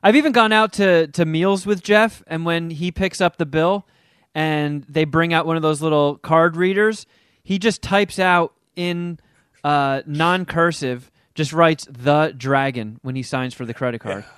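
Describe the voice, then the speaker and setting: A man co-hosting a casual podcast, making wry, deadpan asides. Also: on the high side, unhurried, clear, resonant tone, dry recording, studio quality. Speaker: podcast co-host.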